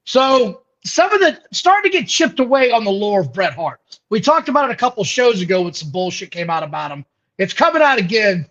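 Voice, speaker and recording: A man's voice: sits high, sing-song, fairly quick, fairly bright tone, dull audio. A man hosting a casual wrestling podcast, blunt, profane and opinionated. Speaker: host.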